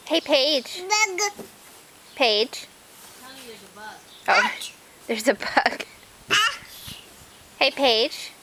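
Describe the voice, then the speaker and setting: A woman's voice: high voice, drawn-out words, long pauses, noisy background. A woman filming her toddler outdoors at home, coaxing her with playful, laughing questions in sing-song baby talk on a home video camera.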